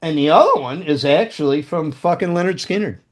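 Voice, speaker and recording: Brisk and expressive, his voice sits a little high. He's a former roadie and guitar tech appearing as a guest, rattling off loose, foul-mouthed anecdotes while laughing partway through and playing out the lines others spoke.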